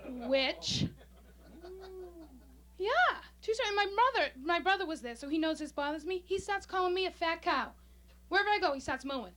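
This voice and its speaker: Bubbly, excitable young woman comic. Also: very high-pitched, a little fast. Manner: bubbly, excitable, breathless delivery. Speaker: stand-up comic. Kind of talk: stand-up comedy set. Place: small comedy club stage, audience laughing.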